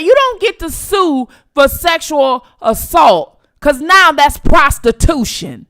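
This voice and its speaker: A woman's voice: high-pitched, big pitch swings, slow pace, fairly bright tone. A woman hosting her own channel, giving blunt, profane, teasing live-stream commentary to her viewers. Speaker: channel host.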